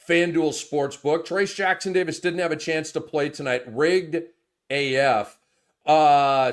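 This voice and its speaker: A man hosting a fantasy basketball show, talking in animated, casual chat that swings from muttering to loud, swearing outbursts. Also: a little high.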